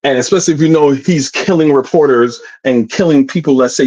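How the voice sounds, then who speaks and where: A man's voice: mid-range voice, fast talker, hardly any pauses, darkish tone, lo-fi sound. A man on a livestream panel talking bluntly in a heated rant, swearing now and then, heard over a remote call.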